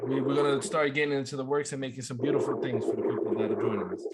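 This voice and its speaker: A man's voice: mid-range voice, fairly even intonation, very fast. A man co-hosting a podcast, chatting casually and teasing the others. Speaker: podcast co-host. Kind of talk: casual chat. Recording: noisy background.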